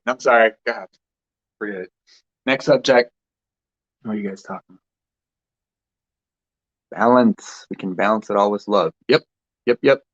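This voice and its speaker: Rambling man with a lo-fi sound. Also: on the low side. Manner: rambling, animated, filler-heavy. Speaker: spiritual channeler. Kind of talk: casual spiritual talk. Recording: dull lo-fi sound.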